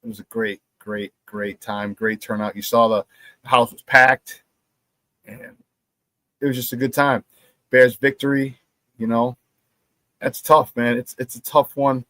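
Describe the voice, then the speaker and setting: A man's voice: medium pitch, measured pace, long pauses, no echo. A man hosting a casual sports talk show, plugging merchandise and telling stories while acting out the quotes. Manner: animated storyteller, acts out quotes.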